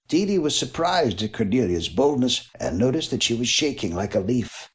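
A man's voice: medium pitch, moderate pace, hardly any pauses. A man narrating a mystery novel as an audiobook, reading expressively. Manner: expressive reading with voiced characters.

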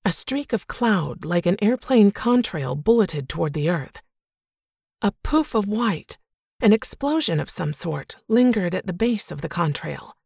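A woman narrating a first-person audiobook in a measured, reflective way. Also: fairly low pitch, animated, gravelly, a little mellow, slightly rough, dry recording, studio quality.

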